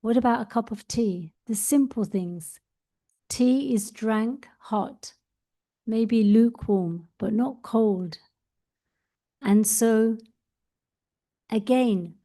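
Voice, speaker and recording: A woman meditation teacher giving a spiritual talk, telling a story in a gentle, unhurried way. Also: mid-range voice.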